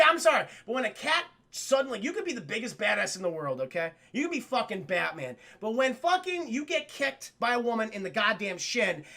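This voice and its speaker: A man streaming a cartoon review, retelling scenes in a profane, excitable way and talking straight to his chat. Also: extremely high pitch, creaky. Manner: profane, excitable storyteller who keeps addressing chat; acts out the characters' lines in quick voices. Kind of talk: casual livestream recap.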